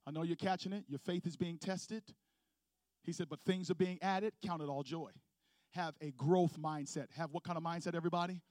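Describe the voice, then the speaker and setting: A man's voice: fairly high pitch, fairly even intonation, brisk, darkish tone, no room sound, clean studio sound. A male pastor preaching a sermon to his congregation, calling for responses and building intensity. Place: church sanctuary with congregation.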